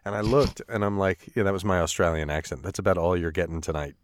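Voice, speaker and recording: A man co-hosting a podcast in casual chat, animated and quick to laugh. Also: sits low, no room sound, clean studio sound. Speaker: podcast co-host. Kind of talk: casual chat about card and video games.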